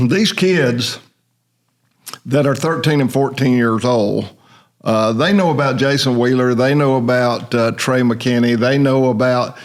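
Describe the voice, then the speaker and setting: A man's voice: mid-range voice, slow pace. An older man hosting a casual podcast chat, rambling along in a folksy storytelling way. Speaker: host.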